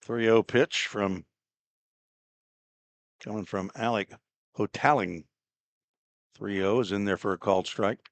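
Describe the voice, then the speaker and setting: A man doing relaxed, chatty play-by-play commentary on a baseball game, with easygoing asides between pitches. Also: unhurried, pauses often, no room sound. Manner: relaxed, chatty, laughs at own slips. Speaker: play-by-play announcer.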